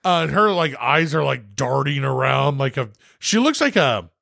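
A podcast host tells stories in a casual chat, animated, swearing a lot, and laughing often. His voice is mid-range and creaky at a moderate pace, recorded in studio quality with no echo.

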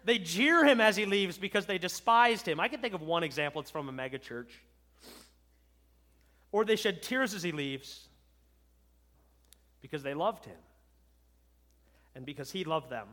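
A man who is a pastor, preaching a farewell sermon with emphasis, moving from loud declarations to hushed words and often checking in with "right?". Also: sits high, expressive, moderate pace, long pauses. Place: church sanctuary. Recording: long reverb of a large hall.

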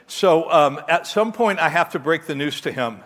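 A middle-aged man preaching a sermon, telling a story about himself in an animated, self-mocking way. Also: on the high side, normal speed. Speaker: pastor. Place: church hall. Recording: long hall reverb.

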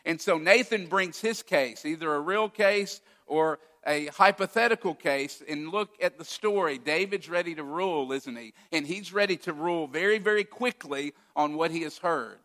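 A man's voice: a little high, moderate pace, few pauses, fairly bright tone. A man preaching a sermon as a pastor, retelling a story and acting out its quoted lines with feeling. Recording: long hall reverb.

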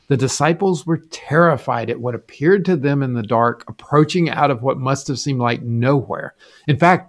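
A man co-hosting a Bible study podcast, reading a scripted explanation with emphatic turns at key points. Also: medium pitch. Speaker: podcast co-host.

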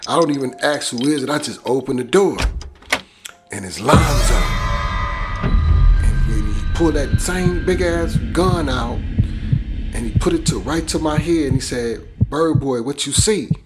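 A man telling a hard-hitting personal story in loose, cussing street talk, his voice sitting a touch high. Hip hop music pumps loudly behind him the whole time. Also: expressive, measured pace, long pauses. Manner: profane, conversational, vivid.

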